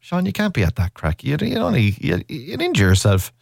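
Playful Irish radio host, lively pitch. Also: male voice, brisk, vocal fry, slight background noise. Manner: chatty, playful, puts on comic voices. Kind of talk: casual radio chat.

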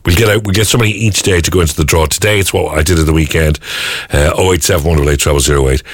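A man's voice: low-pitched, very fast, no echo. Irish male morning radio host, middle-aged, playful rambling chat, dry studio sound.

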